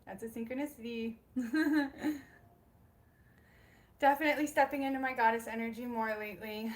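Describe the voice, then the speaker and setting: A woman's voice: a little high, fairly even intonation, normal speed. A young woman hosting a casual spiritual livestream from home, bubbly and giggly as she greets viewers by name. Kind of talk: casual live-stream chat.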